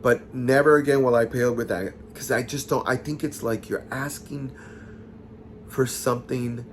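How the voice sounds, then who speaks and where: A man casually retelling a listener's ghost story, chatty and expressive, with sassy asides to the audience. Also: medium pitch, moderate pace, a little hiss or hum.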